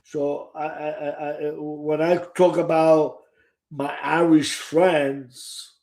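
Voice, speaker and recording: This is an older Sicilian man, an author and storyteller, whose voice sits on the high side and is a little mellow, with a flat, slow delivery. In a Sicilian Italian accent he casually recounts his own stories to the camera, rambling, frequently starting over and cursing freely.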